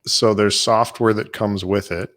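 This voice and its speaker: Low-ish voiced guy from western canada, chill podcast guest, matter of fact. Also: unhurried. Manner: relaxed, matter-of-fact, explaining tech. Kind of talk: casual interview chat.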